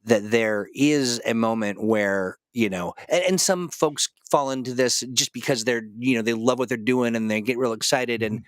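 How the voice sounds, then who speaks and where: A man's voice: mid-range voice, moderate pace, hardly any pauses, no room sound, clean studio sound. A man hosting a casual interview over a video call, chatty and restarting his sentences often. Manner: chatty, with frequent restarts and fillers. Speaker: host.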